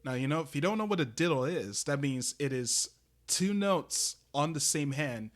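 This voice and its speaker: A man's voice: a little high, animated, normal speed. A man giving a casual live-stream drum lesson, explaining step by step with many fillers and restarts. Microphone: desk microphone that peaks on loud drum hits.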